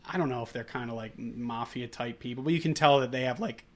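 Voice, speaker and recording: A man's voice: medium pitch, quick pace. A man co-hosting a movie podcast, recapping the plot in casual chat with lots of fillers and restarts. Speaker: podcast co-host.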